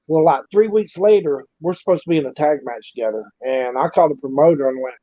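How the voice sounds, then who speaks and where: Speaking briskly in a slightly high, dark voice, an ex-pro wrestler shares profane road tales and performs the dialogue of the people involved. The audio is dry, muffled and lo-fi, and the storytelling is casual.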